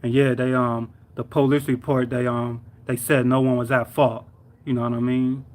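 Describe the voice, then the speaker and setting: A man's voice: little pitch movement, moderate pace, a little mellow. Rambling young man telling a story. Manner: rambling, slangy, repeats sound words like boom. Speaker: live streamer. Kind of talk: casual storytelling vent. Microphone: live stream mic.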